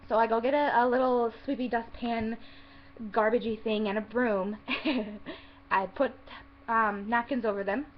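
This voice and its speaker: A woman's voice: a little high, steady tone, a little slow. A young woman telling a story about her worst night as a waitress in a chatty, exasperated vlog style, swearing and acting out what people said. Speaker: vlogger telling a work story. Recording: slightly dull lo-fi audio with faint hiss.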